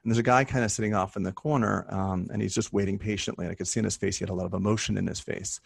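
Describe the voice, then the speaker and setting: Deep gravelly man hosting a podcast. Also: steady tone, racing, dry recording, studio quality. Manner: emotional, candid storytelling. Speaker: podcast host. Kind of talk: casual podcast conversation.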